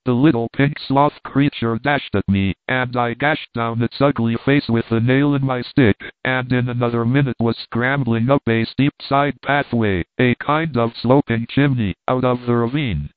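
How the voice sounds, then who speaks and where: A man reading an adventure novel aloud as a measured storybook narration. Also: mid-range voice, no room sound. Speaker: audiobook reader. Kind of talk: scripted narration. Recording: dry, tinny phone-like sound.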